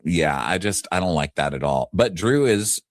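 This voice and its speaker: A man's voice: deep voice, lively intonation, normal speed, no room sound, studio quality. A man co-hosting a casual recap podcast, blunt and opinionated in his chat. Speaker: podcast co-host.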